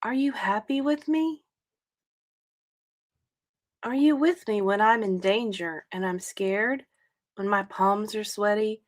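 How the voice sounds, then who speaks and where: A woman reading a sentimental passage aloud in a soft, tender, measured way. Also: mid-range voice.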